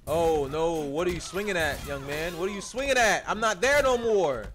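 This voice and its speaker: A young man giving excited, exclamatory fighting-game commentary, laughing often. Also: fairly high pitch, normal speed, soft background music.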